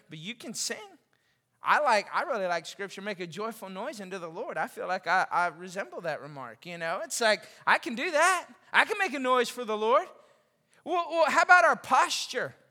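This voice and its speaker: A man preaching to his congregation in a chatty, animated way, slipping in jokes. His voice sits very high and sounds bright and sharp. The sound rings with the long reverb of a large church hall. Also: moderate pace. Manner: animated and conversational, with joking asides. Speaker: pastor. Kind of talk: sermon. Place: large church during a service.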